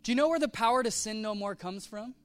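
Man, pastor, sermon, high-pitched, animated storytelling, casual slang. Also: fast talker, clean tone, no echo. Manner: animated storytelling, acts out quoted voices.

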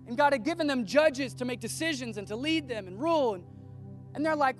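A man with a notably high voice delivers a relaxed, chatty sermon. He tells stories with plenty of animation and slips into the voices of the people he quotes. Faint music plays softly behind him. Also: a little fast. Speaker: preacher. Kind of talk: casual conversational sermon.

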